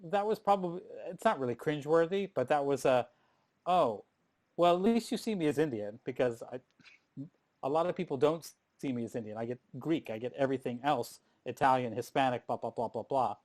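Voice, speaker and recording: A middle-aged man on a panel, telling stories from his performing career in a lively, casual way with frequent restarts. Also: medium pitch, fairly quick. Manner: animated storyteller, frequent restarts.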